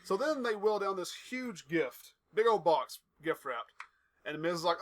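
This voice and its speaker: A man's voice: on the high side, moderate pace, fairly bright tone. A young man co-hosting a podcast, casually retelling wrestling segments in a rambling way. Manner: rambling storyteller, acts out quotes. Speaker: podcast co-host. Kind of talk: casual chat recapping wrestling.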